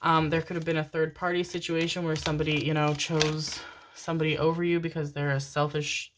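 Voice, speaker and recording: A woman's voice: sits low, little pitch movement, a little fast, noisy background. A woman giving a casual, effusive tarot reading to her viewers, chatting freely and swearing now and then. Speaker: tarot reader.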